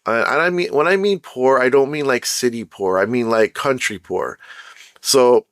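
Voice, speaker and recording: A man's voice: medium pitch, normal speed, fairly bright tone, clean tone, dry recording, studio quality. Chatty Canadian man telling a story. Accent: Canadian English. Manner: chatty, keeps asking "right?"; laughs at his own jokes. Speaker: podcast host. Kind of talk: casual storytelling monologue.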